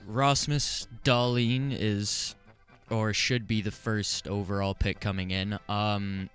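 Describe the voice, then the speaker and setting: A man giving steady, informed hockey analysis on a casual sports talk show. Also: fairly low pitch, slow, clean tone, faint music behind. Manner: steady informed analysis, some stammered starts. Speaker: hockey panelist.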